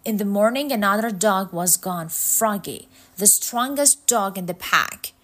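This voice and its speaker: Slow woman reading a storybook. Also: medium pitch, lively intonation, a bit bright. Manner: slow, measured, suspenseful. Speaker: narrator. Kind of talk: storybook narration.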